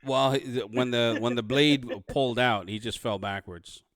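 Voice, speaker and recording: Brief: casual DM, mid-pitched man, restarts a lot, dry close mic. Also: a bit bright, no echo. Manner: halting, full of restarts and laughs. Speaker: dungeon master. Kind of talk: narrating a tabletop game.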